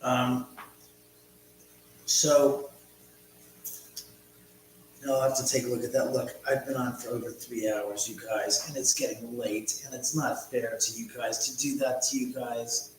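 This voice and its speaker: Guy rambling and cussing on a home livestream, middle pitch, super echoey room. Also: steady tone, measured pace, pauses often, a little hiss or hum. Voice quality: rambling, profane, chatty. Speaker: livestream host. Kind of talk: casual livestream chat. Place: his own house, indoors.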